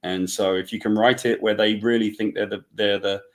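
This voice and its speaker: Low-voiced man telling stories. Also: fairly even intonation, a little fast. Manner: rambling, restarts often, acts out quoted dialogue. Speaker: comic book writer guest. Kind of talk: casual interview talk.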